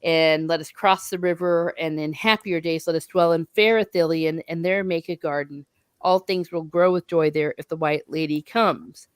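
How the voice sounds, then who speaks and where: A woman reading the lines of an earnest young noble captain from a book, measured and solemn. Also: sits low, steady tone, smooth, no echo, lightly acted.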